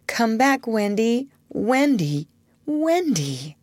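A woman's voice: a little high, big pitch swings, drawn-out words, a little mellow, no room sound, studio quality, pitched above the performer's own voice, heavily acted. A woman reading aloud voices a boastful, defiant young boy in a storybook. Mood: triumphant. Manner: boastful, teasing.

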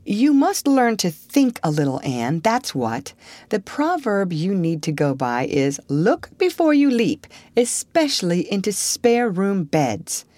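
A woman's voice: medium pitch, very animated, slow pace, dark tone, no echo, voice pushed up. A woman voicing a stern older village woman who lectures and scolds. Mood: lecturing.

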